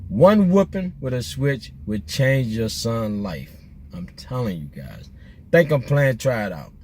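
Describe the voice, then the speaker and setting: A man's voice: mid-range voice, very animated, unhurried, a little mellow, a little hiss or hum. A middle-aged man, telling loose, joking stories while he drives, full of slang and restarts. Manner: laid-back, joking, rambling with restarts and slang. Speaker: vlogger. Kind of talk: casual storytelling while driving. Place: in a car.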